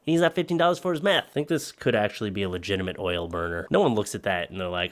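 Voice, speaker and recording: A man reading out posts in comedic narration, deadpan and sarcastic. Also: fairly low pitch, racing, few pauses.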